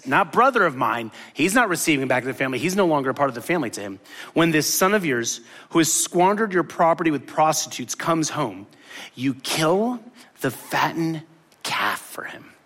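A man's voice: on the high side, expressive, fairly quick, fairly bright tone. A man preaching a sermon, retelling a parable and acting out the characters' lines with big swings in his voice. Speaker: pastor.

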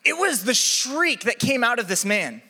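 A man preaching a sermon, telling a comic personal story with lively energy. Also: extremely high pitch, moderate pace. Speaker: pastor. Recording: echoey hall.

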